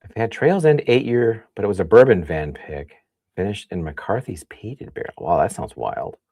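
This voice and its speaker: A man from the Midwest hosting a casual livestream, chatting and thinking out loud as he reads comments. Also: on the low side, animated, moderate pace, creaky, dry recording, studio quality. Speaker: livestream host. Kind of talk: casual tasting livestream chat.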